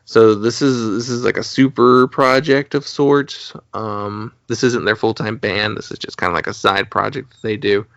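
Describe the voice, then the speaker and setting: A podcast co-host chats casually about albums, rambling with plenty of fillers and laughs. His voice sits on the low side with a steady, fairly bright, creaky tone, at normal speed with few pauses. The recording is dry, dull, slightly lo-fi, and free of echo.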